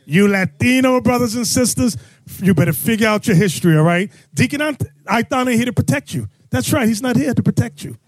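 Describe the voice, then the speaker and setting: A man preaching and teaching scripture to a crowd, loud and emphatic, calling out his listeners. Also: extremely high pitch, quick pace, hardly any pauses, slightly rough, no room sound. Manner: loud, emphatic, calls out the audience. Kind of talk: street-style scripture teaching.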